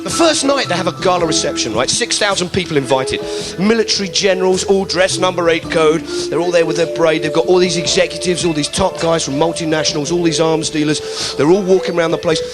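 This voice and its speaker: Talking fast with hardly a pause, a comedian with a fairly high voice spins a sardonic, conversational stand-up story and acts out characters. Music plays in the background of the hissy live recording.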